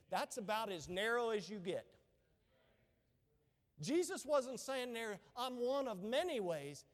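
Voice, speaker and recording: A middle-aged man preaching an impassioned sermon as pastor, rising to shouts. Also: extremely high pitch, big pitch swings, a little slow, long pauses. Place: church sanctuary. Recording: echoey church hall.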